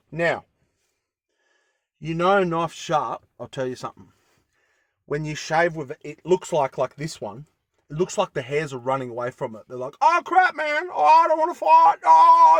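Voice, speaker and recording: A man's voice: mid-range voice, no room sound, studio quality. A man vlogging casually from inside his van, rambling enthusiastically with lots of fillers as he shows off his gear. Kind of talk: casual show-and-tell vlog.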